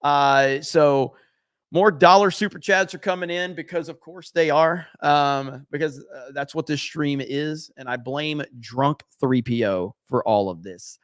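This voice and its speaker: A man hosts a late-night livestream, reading chat messages aloud and riffing on them with loose, profane jokes. His voice sits a little high for a man. It is close and dry, with almost no room sound. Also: unhurried, a bit bright, no room sound. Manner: reads viewer messages aloud, joking and profane. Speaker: livestream host.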